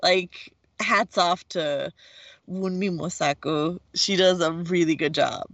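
A woman co-hosting a casual TV recap podcast, who speaks in a deliberate, emphatic way with frequent fillers. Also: on the low side, gravelly, fairly bright tone, no echo. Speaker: podcast co-host. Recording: dull lo-fi podcast audio.

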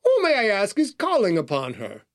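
A man's voice: high voice, huge pitch swings, normal speed, voice pushed up, exaggerated voice. A man voicing a cultured, buttery-voiced male satyr butler with a prissy, put-upon manner. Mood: prim.

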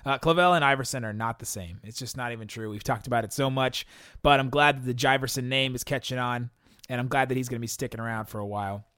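Answering listener questions on his casual podcast, this young man wanders, laughs frequently, starts sentences over and uses many fillers. His middle-pitched voice is steady, quick, bright and forceful, clear and resonant, recorded dry and close to the mic.

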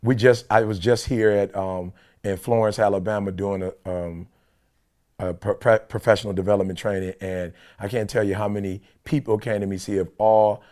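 A man's voice: fairly low pitch, normal speed. A man co-hosting a podcast, telling a long story in casual chat and acting out the people in it. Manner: animated, quoting people in dialogue. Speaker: podcast co-host. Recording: conference call.

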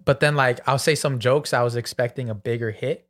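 A man's voice: medium pitch, steady tone, brisk, fairly bright tone. A young man co-hosting a podcast, casually telling a story about his own stand-up set, swearing freely and acting out what he said back then. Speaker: podcast host.

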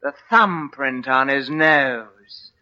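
A man's voice: mid-range voice, extremely slow, sharp tone, voice pushed down, heavily acted. A man playing a pompous, bumbling British police inspector in a 1940s radio comedy sketch, on a muffled old broadcast recording. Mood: smug. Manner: bumbling, self-satisfied, theatrical.

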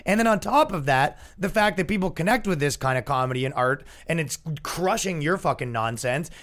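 A man who is a comedian and podcast host, ranting casually with lots of swearing and a yelling tone. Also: a little high. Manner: profane, animated, with a yelling tone.

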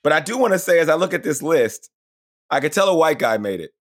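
A man co-hosting a podcast in casual chat, telling a story with lively acted-out quotes. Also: on the high side, fast talker. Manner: animated storyteller, acts out quotes. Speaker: podcast co-host.

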